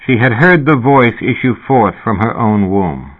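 A man narrating a novel in a measured, even reading. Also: medium pitch, slightly rough. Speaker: audiobook narrator. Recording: narrow, phone-like sound.

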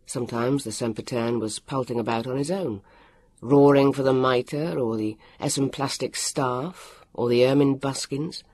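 A man reading a storybook aloud, with a lively, expressive delivery and acted voices. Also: mid-range voice, slightly rough, no room sound. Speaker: audiobook narrator. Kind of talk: storybook narration.

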